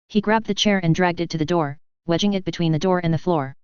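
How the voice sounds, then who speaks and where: A woman narrating a fan fiction story in a steady, even manner. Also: on the low side, fairly quick, few pauses, clear, resonant tone, dry recording, lo-fi sound.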